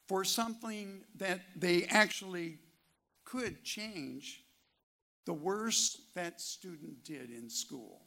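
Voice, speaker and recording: A man preaching a sermon, asking rhetorical questions and reading scripture with slow, deliberate emphasis. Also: on the high side, vocal fry, fairly bright tone. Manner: reads scripture quotes aloud.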